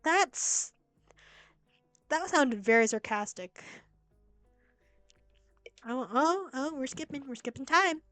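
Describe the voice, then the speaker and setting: A young woman streaming a game, chatty and excitable, reacting and reading story lines aloud. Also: high-pitched, slow pace, pauses often, dry recording, faint music behind. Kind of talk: casual game-stream commentary. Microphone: laptop mic.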